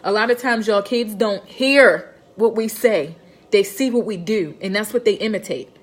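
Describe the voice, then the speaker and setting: A woman's voice: medium pitch, normal speed. A woman, giving a blunt, profane motivational talk on a live stream and often asking if her listeners understand. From Baltimore, Maryland. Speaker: live streamer and home health nurse.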